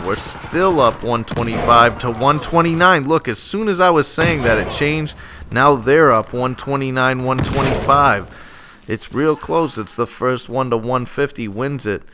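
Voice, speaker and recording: A man's voice: medium pitch, unhurried, noisy background. A man, host of a gaming channel, talking casually over his own gameplay and swearing freely. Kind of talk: gameplay commentary.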